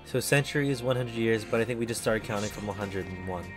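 A man's voice: on the low side, fast, music in the background. A man streaming a video game, rambling in casual commentary and putting himself down. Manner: rambling, self-deprecating.

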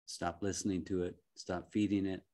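A man working as a life coach, giving a gentle, reflective motivational talk with frequent soft chuckles and halting restarts. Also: deep voice, little pitch movement.

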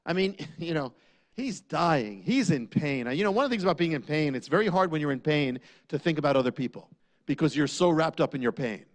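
A man preaching a sermon, asking rhetorical questions and dropping low on key lines. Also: lively intonation, brisk.

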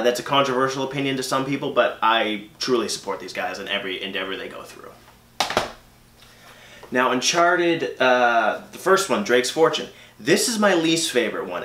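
A man talks casually through his game collection, chatty and opinionated with plenty of ums and uhs. His voice is bright and forward at an ordinary pitch. The recording carries a noticeable room echo. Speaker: gaming channel host. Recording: echoey room.

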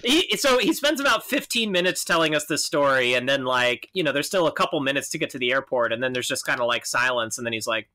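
A man co-hosting a podcast, telling a story in a relaxed, casual way and laughing easily. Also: medium pitch, quick pace, hardly any pauses. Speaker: podcast co-host. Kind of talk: casual chat.

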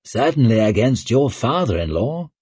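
A man voicing a smooth, scheming male nobleman who talks in a persuasive, calculating way. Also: mid-range voice, big pitch swings, normal speed, darkish tone, no room sound.

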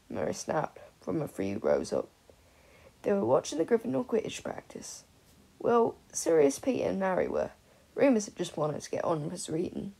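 Woman reading an audiobook, husky gravelly voice, pitch moves a lot. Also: moderate pace. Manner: steady storytelling. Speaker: audiobook reader. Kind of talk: audiobook narration.

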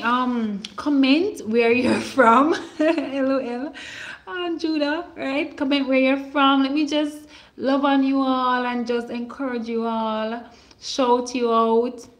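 Woman minister on a live stream, slow unhurried delivery, calling out names and praying, prophetic. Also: on the high side. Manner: slow and warm, calling out viewers' names and blessing them; preachy, prophetic declarations. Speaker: online minister hosting a livestream. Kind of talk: livestream greetings and prayer.

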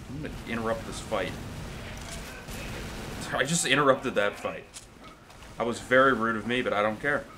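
A young man giving live gameplay commentary, excitable and profane, with sudden bursts of yelling. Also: lowish voice, background noise. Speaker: gaming commentator.

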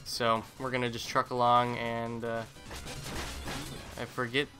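A man's voice: mid-range voice, completely flat delivery, unhurried, music in the background. A man giving casual, rambling let's play commentary, chatty and self-deprecating as he plays. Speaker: gaming channel host.

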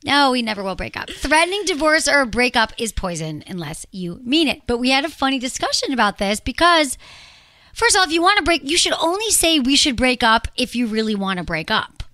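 A woman's voice: sits high, brisk, no echo, clean studio sound. A woman hosting a relationship advice show, chatting casually and acting out quoted lines. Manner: animated, acts out quoted lines.

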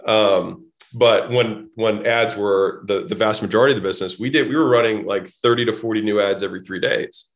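With a lowish voice and hardly a pause, he talks fairly fast as a guest on a podcast. The stories are casual and blunt, full of swearing, and he voices everyone involved in each conversation.

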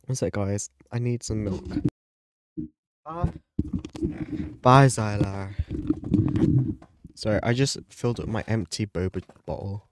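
A man giving casual gameplay commentary as a YouTuber, chatty and excitable, gasping and yelping at the game. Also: fairly low pitch, slow, pauses often, a little hiss or hum. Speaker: gaming YouTuber.

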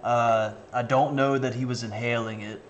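A man's voice: mid-range voice, fairly even intonation, normal speed, dull audio, a little hiss or hum. A man reacting to a clip, swearing often and sounding incredulous. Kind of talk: casual reaction commentary.

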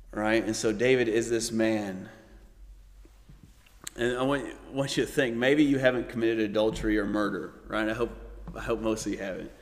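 A man leading a Bible study, teaching with animated delivery and often checking in with "right?". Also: fairly high pitch, in a large hall. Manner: animated, acts out quoted voices, frequent "right?".

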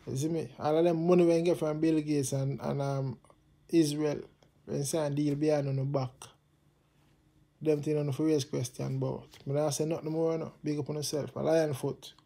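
Jamaican male vlogger, fiery patois rant, very dark tone, slightly high pitch. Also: flat delivery, normal speed, creaky. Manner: impassioned, repetitive, patois-heavy. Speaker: channel host. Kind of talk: casual political rant to camera.

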